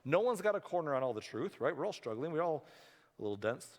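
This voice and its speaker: Very animated and fast-talking, a man with a fairly high voice preaches a sermon as a pastor. Speaking conversationally in a church sanctuary with hall reverb, he often acts out the voices of the people he describes.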